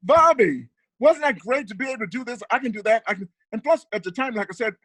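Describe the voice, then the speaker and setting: A man, a guest comedian, chatting casually on a video call and acting out family stories with animated delivery. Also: very high-pitched, quick pace, dry recording. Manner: animated storyteller, mimics his dad. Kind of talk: casual chat.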